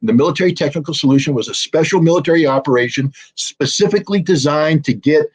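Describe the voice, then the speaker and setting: A man's voice: on the high side, fast, husky. A man giving impassioned political commentary as an interview guest, emphatic and heated, with frequent ums and restarts.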